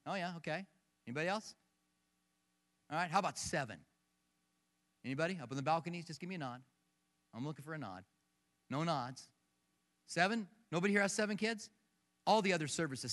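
A middle-aged man preaches to a big congregation, telling stories and asking questions of the room. His voice sits high and sounds sharp and forceful. It carries through a large auditorium with a long ringing echo. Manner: animated storyteller who questions the congregation. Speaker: pastor. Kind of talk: sermon with personal stories. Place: large church auditorium with balconies. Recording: echoey hall from a distance.

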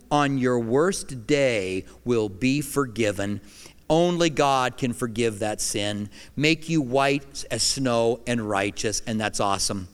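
A man's voice: medium pitch, clean tone. Preaching man in a reverberant hall. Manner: emphatic preaching, swinging between loud declarations and hushed lines. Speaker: pastor. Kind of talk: sermon.

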